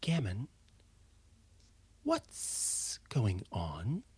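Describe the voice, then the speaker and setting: A man voicing a composed, imposing female kobold matriarch in a hushed, breathy whispered role-play, speaking in a measured, deliberate way. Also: mid-range voice, big pitch swings, dry recording, heavily acted. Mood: concerned.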